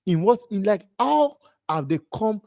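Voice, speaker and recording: A man hosts a live football stream and rants with incredulity, circling back over the same point. His voice sits a little high for a man. The sound is close and dry. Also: big pitch swings, unhurried, a little mellow, dry recording. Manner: incredulous, ranting, repeats himself. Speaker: host. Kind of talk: live football watch-along chat.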